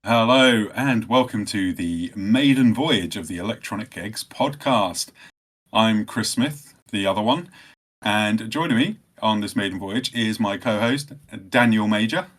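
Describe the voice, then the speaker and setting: Male podcast host, low-pitched, easygoing, self-deprecating chat. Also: expressive, a little slow, a bit bright. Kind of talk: casual chat.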